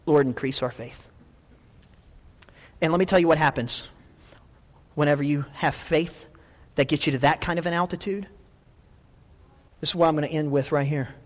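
Animated pastor preaching in a reverberant hall. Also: male voice, a little high, fairly quick, long pauses. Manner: animated storytelling with many restarts. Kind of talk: sermon.

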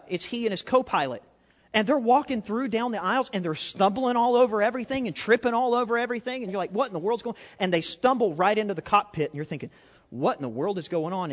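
A man's voice: high-pitched, fairly bright tone. A man preaching a sermon, asking the congregation questions and telling a story along the way. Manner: interactive, asks audience questions, storytelling. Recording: reverberant hall.

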